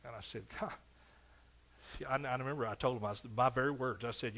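A pastor in his sixties with an East Texas accent preaches a sermon full of fervent exclamations and folksy storytelling. His mid-range voice is brisk and a bit bright.

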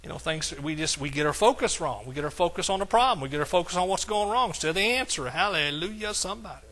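A man preaching a sermon as pastor, with emphatic lines that swing from soft to hollering. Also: high voice, animated, fast talker.

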